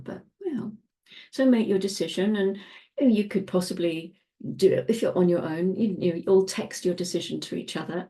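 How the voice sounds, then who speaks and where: A woman giving a casual teaching talk, relaxed and laughing often, sometimes dropping into soft, near-whispered asides. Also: fairly low pitch. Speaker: human design teacher.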